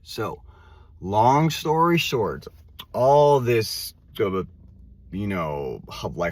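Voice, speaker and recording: A man who stutters, with repeated words and restarts, talking casually and reflectively to camera as host of his own channel. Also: fairly low pitch. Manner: casual, says "like" and "dude" often. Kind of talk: reflective self-help monologue.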